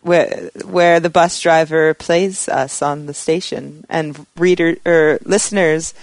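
A man's voice: on the high side, fairly even intonation, slow, dry recording. A man in casual podcast chat, teasing and joking with the others. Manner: teasing, jokey banter.

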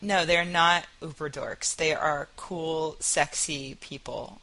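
A woman's voice: sits low, fairly even intonation, slow, sharp tone, low-quality recording. A woman co-hosting a podcast, chatting casually in a playful, teasing way and laughing often. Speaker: podcast co-host.

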